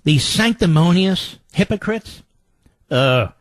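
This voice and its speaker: An older man hosting a radio talk show, delivering a sarcastic political monologue with mocking, theatrical swings between loud jabs and low mutters. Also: very animated, normal speed, dry recording.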